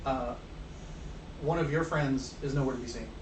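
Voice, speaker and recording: A man's voice: mid-range voice, normal speed. A man running a tabletop game as game master, narrating with many fillers and restarts. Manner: rambling, hesitant, lots of fillers. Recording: roomy, distant mic with faint noise.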